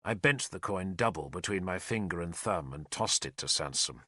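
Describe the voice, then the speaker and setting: A man narrating an audiobook in an expressive storytelling manner. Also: low-pitched, normal speed, breathy edge, no room sound.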